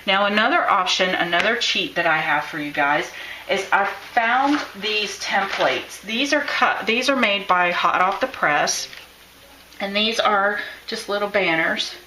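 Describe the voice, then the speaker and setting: A woman's voice: mid-range voice, a little slow, echoey room, background noise. Chatty woman teaching a craft class. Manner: chatty, encouraging, thinks aloud while drawing. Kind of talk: live-streamed craft lesson.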